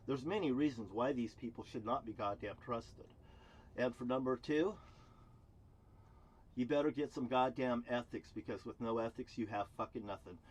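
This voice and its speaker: A man delivering an angry, profane rant to camera as a vlogger. He swings between loud outbursts and low muttering, recorded outdoors near a cruise ship terminal. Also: moderate pace, a little hiss or hum.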